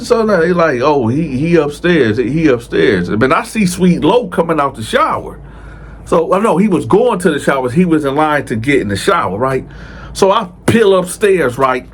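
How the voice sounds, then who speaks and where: A man with a husky voice tells a true prison story in a casual storytime style at normal speed, using slang and speaking directly to viewers. He is animated and jumps his pitch up to act out the people he quotes.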